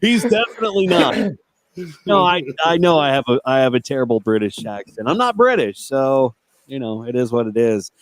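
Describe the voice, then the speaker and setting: A man's voice: mid-range voice, sing-song, brisk. A man hosting a wrestling podcast, chatting casually and reading news, laughing often and stumbling over restarts. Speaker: podcast host.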